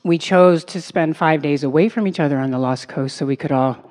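A woman activist telling a personal road-trip story on a music festival stage, animated, full of fillers and easy laughter. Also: deep voice, fairly quick. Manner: animated, many fillers and likes, breaks into laughs. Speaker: activist speaker. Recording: long reverb of a big space.

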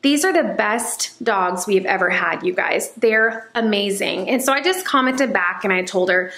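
A woman chatting casually to her vlog viewers, animated and storytelling. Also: mid-range voice, moderate pace. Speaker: vlogger. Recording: echoey room.

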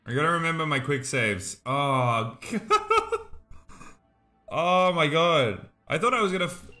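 A man streaming a video game, giving casual, excitable commentary with frequent exclamations. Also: fairly high pitch, unhurried, soft background music. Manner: excitable, exclaims and laughs often.

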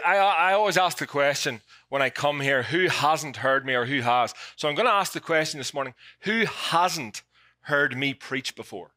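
A man's voice: a little high, pushed and bright, no echo. A man with a Northern Irish accent preaching as a guest pastor, joking about himself and getting emotional. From Ireland. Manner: jokey, self-deprecating, emotional. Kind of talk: sermon. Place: church sanctuary.

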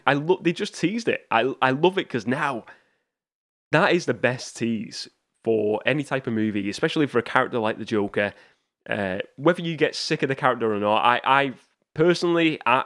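A man's voice: medium pitch, a bit bright. A man hosting a podcast, chatting about a film with eager, loose energy and frequent restarts. His voice sits in an ordinary male middle range. The sound is dry and close, with no room echo. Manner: chatty, enthusiastic, many restarts and fillers. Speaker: podcast host. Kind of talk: casual film review talk.

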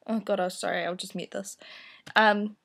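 A woman's voice: mid-range voice, fairly even intonation, normal speed, gravelly, fairly bright tone. A young woman vlogging to camera in casual chat, telling a story in a self-deprecating, giggly way. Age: young adult.

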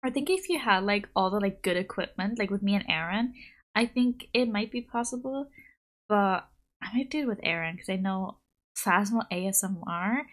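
A woman's voice: medium pitch, expressive, moderate pace. A young woman VTuber chatting casually on a game stream, rambling along with lots of likes and ums. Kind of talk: casual live-stream chat.

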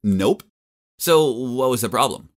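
Expressive young man narrating a story. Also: mid-range voice, a little slow. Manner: expressive, awkward teen voice. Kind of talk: animated story narration in first person.

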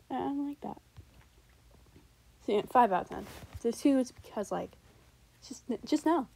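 A young woman reacting to her old raps in a casual, rambling way, switching between loud outbursts and mumbled asides. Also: sits high, lively intonation, moderate pace, gravelly, pauses often, breathy edge, no room sound, low-quality recording.

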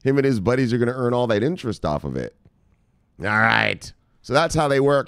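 A man with a fairly low, expressive voice hosts a crypto news show at a brisk clip, recorded clean in a studio with no room sound. His commentary is casual and profane, full of swearing, laughter and playful asides.

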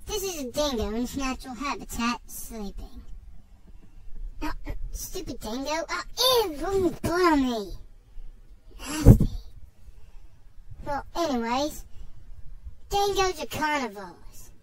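A performer voicing Mister Gnome, a small, bumbling male gnome wildlife expert who talks excitably, yelps, and sprinkles in Outback slang. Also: high-pitched, a little slow, slight background noise, poor audio. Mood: chipper. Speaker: comic wildlife show host. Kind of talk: amateur video-game comedy sketch.

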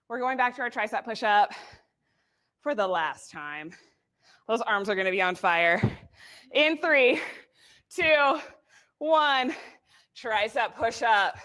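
An out-of-breath young woman leads a live workout with encouraging cues and whoops. Her voice sits high and sounds bright and sharp. She takes her time between short commands. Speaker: fitness instructor.

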